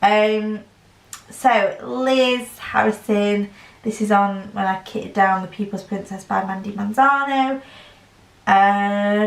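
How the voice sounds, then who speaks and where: A young woman rambles in a casual chat while she works on a craft, with a runny nose. Her pitch sits in an ordinary middle range. The room sounds echoey, and she is some way off the mic. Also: vocal fry. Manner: rambling, fast-talking. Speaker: crafting vlogger. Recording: roomy, distant from the mic.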